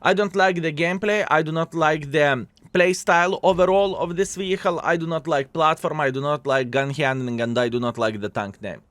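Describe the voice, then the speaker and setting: A man's voice: a little high, fairly quick, hardly any pauses, a bit bright, dry recording. A man giving live commentary over his own gameplay, chatty and frank, often turning to viewers with tag questions, his English phrasing plainly non-native.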